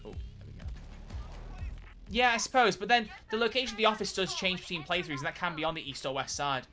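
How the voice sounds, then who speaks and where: A young man gives loose, jokey commentary while he plays a heist game on stream. His voice sits a little high and sounds bright and forceful. He rambles and swears freely, with faint game music behind him. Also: animated, fast. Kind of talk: casual gameplay commentary.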